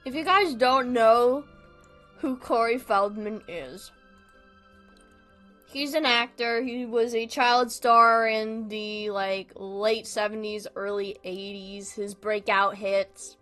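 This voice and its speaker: A woman's voice: on the high side, steady tone, slow pace, a bit bright, faint music behind. A woman streamer in casual livestream chat, rambling along and laughing often.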